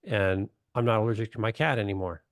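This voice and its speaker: A middle-aged man on a video call who talks bluntly and plainly. His voice sits low and the sound is dry and close. He tells stories and acts out the voices of the people in them. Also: fast talker, dry recording. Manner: blunt, storytelling, acts out quotes. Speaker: doctor, webinar guest. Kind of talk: casual chat.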